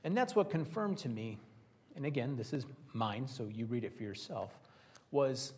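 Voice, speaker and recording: A man preaching a conversational sermon to a Bible study group, lively, with joking asides to his listeners. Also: medium pitch, normal speed.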